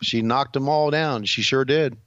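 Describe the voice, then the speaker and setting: A man's voice: mid-range voice, a little slow, fairly bright tone, no room sound. A man co-hosting a podcast in casual chat, telling stories in a laid-back, dry-humored way, on a dull lo-fi recording. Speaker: podcast co-host. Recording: dull lo-fi sound.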